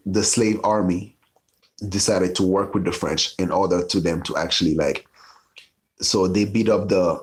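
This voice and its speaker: A man hosting a casual history talk, telling it loosely with asides and swearing. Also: sits low. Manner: loose, profane, storytelling with asides. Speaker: podcast host.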